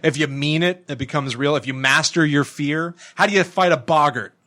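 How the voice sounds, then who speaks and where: Young man, podcast co-host, casual book chat, lively, jumps into quick impressions. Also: on the high side. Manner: animated, quick asides, bursts into quoted voices.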